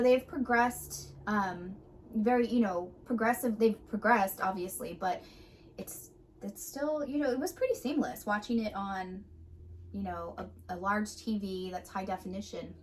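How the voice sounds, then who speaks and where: A woman's voice: medium pitch, expressive, normal speed, a little hiss or hum. A woman in her late thirties co-hosting a casual movie reaction chat, talking with many fillers. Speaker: co-host.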